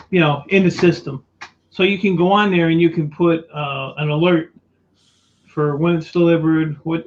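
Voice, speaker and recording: A man chatting casually on a podcast, rambling and joking. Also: on the high side. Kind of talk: casual chat. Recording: muffled lo-fi audio with faint noise.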